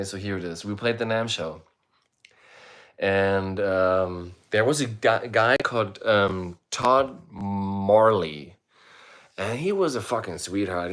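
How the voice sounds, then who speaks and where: A low-voiced middle-aged man hosts a relaxed livestream, drifting through a rambling story and swearing freely as he goes. His delivery is loose and unhurried, like easy chat with viewers. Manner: laid-back, rambling, swears freely, reads out viewer comments. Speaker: musician hosting a livestream. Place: indoors, streaming while away on travel.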